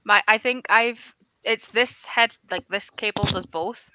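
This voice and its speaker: A woman's voice: medium pitch, unhurried, sharp tone, smooth, dull audio. A woman guest on a video call, chatting casually in a blunt, matter-of-fact way. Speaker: guest in a reading sprint. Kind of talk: casual chat.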